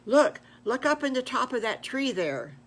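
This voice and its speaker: An older woman voicing a gentle, cheerful mother pig in a storybook. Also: high-pitched, very animated, normal speed, slight background noise, voice pushed up.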